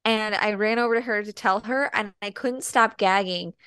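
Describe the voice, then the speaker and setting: A woman from the Midwest co-hosts a casual podcast, chatty and easily grossed out. She talks at a middle pitch and fills her sentences with "um" and "like". The recording is dry and close to the mic. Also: normal speed, sharp tone, smooth, dry recording. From American Midwest. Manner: chatty, squeamish, full of fillers. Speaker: podcast co-host. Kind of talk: casual chat.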